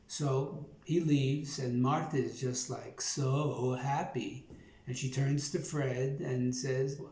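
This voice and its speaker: A man's voice: medium pitch, steady tone, slow pace, a little mellow. A man in his seventies with a Brooklyn accent, telling his life story in a rambling, folksy way, full of fillers. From Brooklyn, New York. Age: 70s. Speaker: YouTube host. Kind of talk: personal storytelling. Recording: roomy echo.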